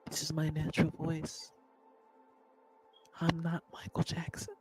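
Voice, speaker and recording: Man mocking a soft polite woman, breathy and hushed, monotone, music underneath. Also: fairly high pitch, unhurried. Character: soft-spoken polite woman reading to viewers.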